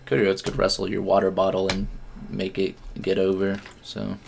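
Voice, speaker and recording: A man with a fairly low voice chats as co-host of a wrestling show. He sounds excitable and jokey, and he swears casually as he talks matches. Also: moderate pace, creaky, crowd noise. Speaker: podcast co-host. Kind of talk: casual chat about wrestling.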